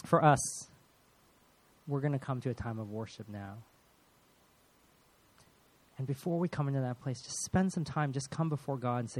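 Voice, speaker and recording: A man's voice: medium pitch, expressive, moderate pace, pauses often. Earnest male pastor preaching. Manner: earnest, prayerful, repeats words when moved. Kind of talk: sermon.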